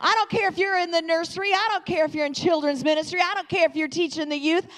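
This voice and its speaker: High-pitched woman pastor, upbeat cheerleader energy for a church crowd. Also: steady tone, fast, hardly any pauses, fairly bright tone. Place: church sanctuary.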